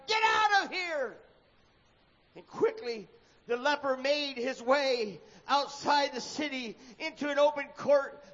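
High-voiced man preaching in a hall. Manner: dramatic, acts out shouted lines. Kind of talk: dramatic sermon storytelling. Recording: dull echoey hall recording.

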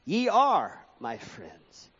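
A man's voice: on the high side, wildly swooping pitch, very slow, fairly bright tone, slightly rough. A man preaching a sermon with a sing-song cadence that swings up and down, reading scripture aloud in a church hall. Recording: dull lo-fi sound with long hall reverb.

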